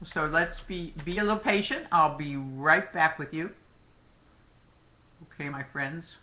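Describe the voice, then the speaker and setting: A man's voice: a little high, unhurried, bright, forceful tone. A man teaching a live online review lecture, talking conversationally, joking now and then and dropping "okay" and "my friends" between points. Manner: frequent "okay" and "my friends" asides. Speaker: medical exam lecturer.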